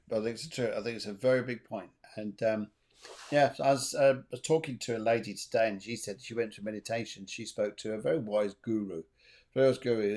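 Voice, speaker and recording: A man's voice: fairly low pitch, darkish tone. A man hosting a spiritual talk show, chatting earnestly and repeating his key phrases for emphasis. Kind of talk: casual chat.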